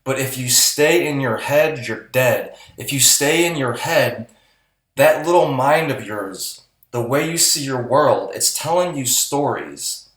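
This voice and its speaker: A man's voice: mid-range voice, lively intonation, measured pace, fairly bright tone. A man co-hosting a podcast who talks in a blunt, motivational way and swears casually. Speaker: podcast co-host. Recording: roomy echo.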